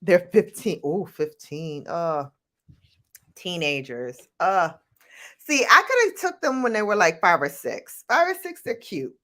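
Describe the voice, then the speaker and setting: A middle-aged woman vlogger chatting casually with viewers, animated and laughing as she tells stories. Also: a little slow. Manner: animated, laughing, jumps into high-pitched quoted voices. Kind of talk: casual chat answering viewer questions.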